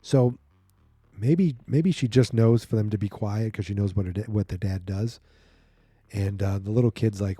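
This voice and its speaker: A man's voice: on the low side, moderate pace, dark tone, husky, no echo. A man hosting a podcast, recapping a comic book in a rambling, chatty way and acting out the scenes. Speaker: podcast host.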